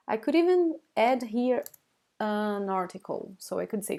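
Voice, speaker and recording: Brazilian woman, Portuguese native, slow halting live language teacher, lots of fillers. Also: on the high side, lively intonation, darkish tone. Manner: addresses viewers as guys, checks with okay. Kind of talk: live online language lesson.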